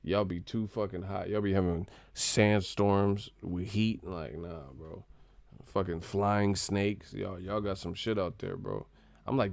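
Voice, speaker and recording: A man's voice: sits low, fairly even intonation, measured pace, vocal fry, darkish tone, no echo. A man from California hosting a casual live stream, joking, swearing and laughing a lot as he reacts to his chat. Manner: joking, laughing often, profane, mimics voices.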